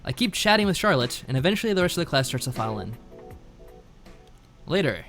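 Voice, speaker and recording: Laid-back male streamer reading game narration with an animated lilt; soft music underneath. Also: fairly high pitch, quick pace. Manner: laid-back, reads narration aloud with lively inflection. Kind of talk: casual game chat and reading aloud.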